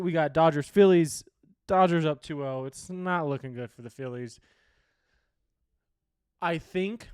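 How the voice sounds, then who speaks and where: Young male sports host, slightly high voice, rambling, swears a lot, casual opinionated talk.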